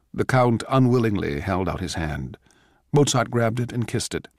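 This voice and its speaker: An older man giving a measured, wry dramatic audiobook reading as the narrator. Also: lowish voice, lively intonation, no room sound, clean studio sound.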